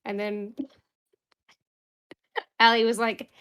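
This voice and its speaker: A woman's voice: mid-range voice, moderate pace. A woman casually recapping a tabletop game session in a rambling, jokey way with lots of fillers.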